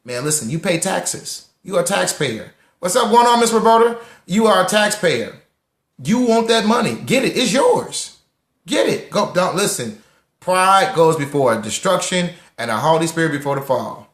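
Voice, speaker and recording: Animated man hyping a live audience. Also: sits high, normal speed, echoey room. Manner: animated, preachy, repeats lines for emphasis, greets listeners by name. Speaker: host of a live social audio room on personal finance. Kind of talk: lively casual talk to a live audience.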